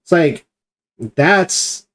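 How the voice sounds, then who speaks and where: A man's voice: on the high side, drawn-out words, a bit bright. A man leading a streamed Bible study discussion, explaining at length and acting out quoted commands with emphasis.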